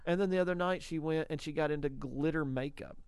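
A man co-hosting a Christian radio show, telling family stories in an animated, casual way. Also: a little high, fast talker, clean tone, no echo. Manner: animated storyteller, acts out quotes. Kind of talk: casual faith talk on radio.

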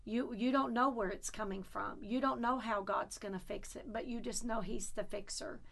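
A fervent woman preaching in a conversational way, weaving in scripture lines. Her voice sits slightly higher than usual. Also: steady tone, normal speed, gravelly, a bit bright. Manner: fervent, quotes scripture, answers with affirmations.

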